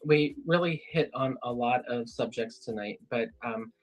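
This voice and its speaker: Male host, mid-pitched, relaxed and a little hesitant. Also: moderate pace. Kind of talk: casual interview chat.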